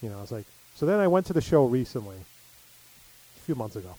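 A man's voice: mid-range voice, big pitch swings, a little fast, dark tone, rough recording. A middle-aged man telling stories in casual chat, full of fillers. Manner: rambling storyteller, many fillers.

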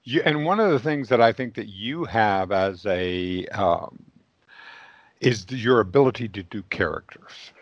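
A man hosting an interview, talking casually and haltingly with repeated words. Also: on the low side, lively intonation, dry recording. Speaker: interview host. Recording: dry, dull lo-fi sound.

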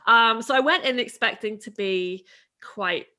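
A woman's voice: on the high side, a little slow, bright, forceful tone. A woman author being interviewed, chatting casually and laughing often. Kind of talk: casual conversation.

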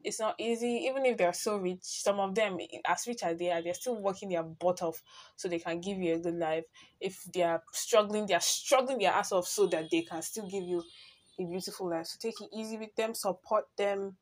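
A woman's voice: medium pitch, a little fast. Earnest teenage Nigerian girl podcaster. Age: teens. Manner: chatty and earnest, swings between loud bursts and soft asides. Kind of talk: casual personal monologue.

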